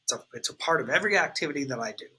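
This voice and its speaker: A man in his thirties tells his story to an interviewer in a raw, unfiltered way. His voice is bright and forward, with a husky edge. He talks loosely, with plenty of fillers and casual swearing. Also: on the high side, expressive, racing, rough recording. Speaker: guest sharing his recovery story. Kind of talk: candid conversational storytelling.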